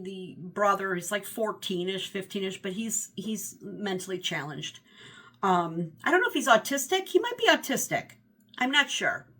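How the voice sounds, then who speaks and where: A woman in her fifties talks through her favorite reads of the year in a loose, rambling way. Her voice is bright and forward. She corrects herself often and stays animated. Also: mid-range voice. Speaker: book vlogger. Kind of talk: casual book review chat.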